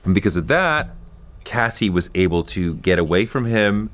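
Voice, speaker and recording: Measured male commentator in an interview. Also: deep voice. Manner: measured storytelling, grows animated. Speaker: commentator in a played interview clip.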